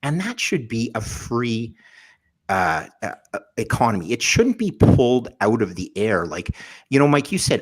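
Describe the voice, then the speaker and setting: A man, a podcast guest, telling jokey anecdotes in a lively panel discussion, with a husky voice. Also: mid-range voice, moderate pace. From Canada. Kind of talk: animated storytelling in a panel discussion.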